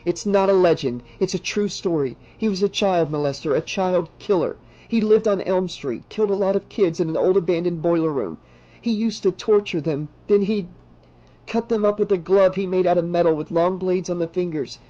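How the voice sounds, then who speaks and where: A high, hushed teenage girl with a breathy, tearful urgency, as a male audiobook reader raises his voice to play her. She sounds frightened yet set on fighting back. Her words come in an urgent, strained rush. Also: normal speed, dull audio, lightly acted. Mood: grim.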